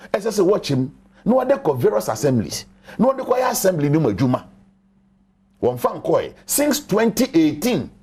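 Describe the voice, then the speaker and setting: A man's voice: on the high side, darkish tone, breathy edge. A man arguing emphatically as a panelist on a TV studio talk show, repeating his points. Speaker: political panelist. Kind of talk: heated studio debate.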